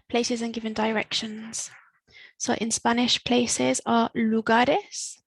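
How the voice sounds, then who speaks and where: A woman with a fairly high voice leads a language lesson, patient and methodical. Her pitch stays even and level as she explains. The sound is dry and close, with no room behind it. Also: no echo, rough recording. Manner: patient, explains step by step, switches between English and Spanish. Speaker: Spanish teacher.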